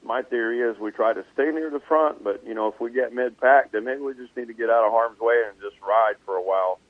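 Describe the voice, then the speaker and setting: Speaking in a mid-range voice, this male driver and team owner calmly explains his plans during a casual interview by phone. He's relaxed and measured but says um and uh a lot, and the line sounds tinny and dry with no room sound.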